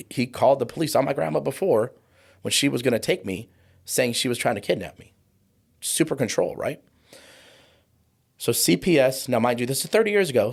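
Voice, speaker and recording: A guest on an interview show, a trauma coach in his forties, has a mid-range voice with vocal fry. He brings a personal story to life, performing the quoted voices of those involved.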